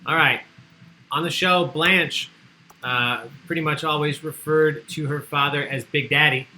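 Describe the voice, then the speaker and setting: A man's voice: on the high side, fairly even intonation, unhurried, pushed and bright, a little hiss or hum, low-quality recording. A man hosting an online trivia livestream, chatty and joking as he reads out the answers people sent in. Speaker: trivia host.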